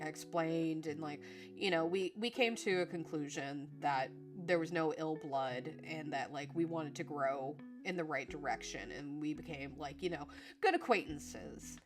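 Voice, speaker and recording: A young woman chats to her stream audience in a loose, rambling way, full of fillers and restarts and quick to laugh. Her voice sits on the lower side. Faint music plays behind her. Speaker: streamer reading chat. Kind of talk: casual live-stream chat.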